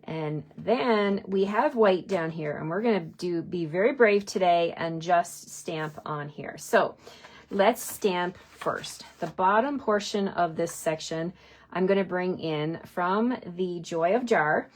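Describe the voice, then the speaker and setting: A woman's voice: on the low side, takes it slowly. A woman giving a chatty, enthusiastic card-making tutorial, talking her viewers through each step. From Canada. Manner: chatty and enthusiastic, addressing viewers as you guys. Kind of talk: crafting tutorial.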